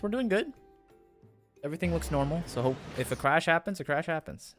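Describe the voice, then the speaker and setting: A man chatting casually to his viewers while playing a game live. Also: medium pitch. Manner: chatty, rambling, talks to chat. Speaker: streamer. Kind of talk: casual live gameplay chat.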